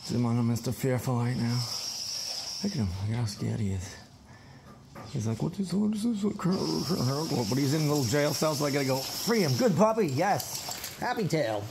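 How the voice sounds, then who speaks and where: A dog trainer from Massachusetts chatting casually through a vlog, breaking into a high baby voice to talk to the dogs. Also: male voice, lively intonation, a little slow, gravelly, background noise. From Massachusetts, USA.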